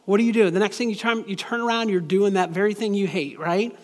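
A male pastor with a notably high voice delivers a casual, conversational sermon. He stumbles and repeats words and laughs at his own jokes. His voice rings out with the long reverb of a big hall. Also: quick pace.

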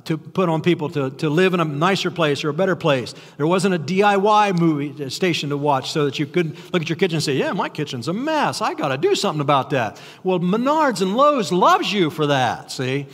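Older male preacher, high voice, chatty, self-deprecating sermon delivery, long hall reverb. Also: lively intonation, moderate pace, fairly bright tone. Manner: conversational, self-deprecating, frequent restarts and rhetorical questions.

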